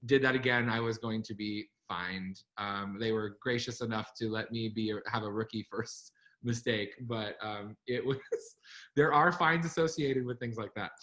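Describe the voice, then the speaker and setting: A man co-hosting a casual online chat over a video call, telling lively stories and laughing along the way. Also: lowish voice, normal speed. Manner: animated storyteller, laughs while telling stories. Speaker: co-host.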